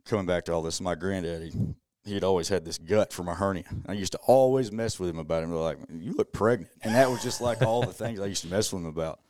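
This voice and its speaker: Deep-voiced man, dry sound. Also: fast, a little mellow, no room sound. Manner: earnest, conversational, many "you know"s. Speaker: podcast guest. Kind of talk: personal storytelling, casual.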